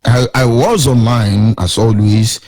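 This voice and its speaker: A man's voice: mid-range voice, takes it slowly, darkish tone. A middle-aged man with a Nigerian accent hosting a radio show, delivering emphatic, sermon-like commentary with sing-song rises.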